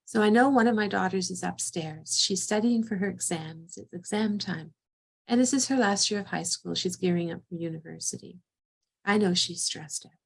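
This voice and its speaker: A woman's voice: fairly low pitch, moderate pace, vocal fry, husky. A middle-aged woman psychotherapist leading a training session, telling a vivid first-person scenario.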